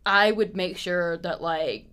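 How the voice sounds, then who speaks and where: A woman who is a guest on a podcast, chatting casually and animatedly, laughing often and slipping into playful high voices. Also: takes it slowly, a bit bright, clean tone.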